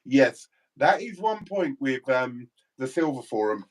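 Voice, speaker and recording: A man's voice: mid-range voice, very animated, unhurried, rough recording. An English man co-hosting a casual livestream, reading out viewer comments and laughing easily. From England. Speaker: livestream co-host.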